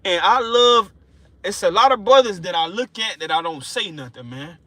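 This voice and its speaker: Fervent high-voiced man preaching. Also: expressive, sharp tone, dry recording. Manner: emotional, fervent, repetitive, slows down reading scripture. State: excited and sweating. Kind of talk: informal street sermon.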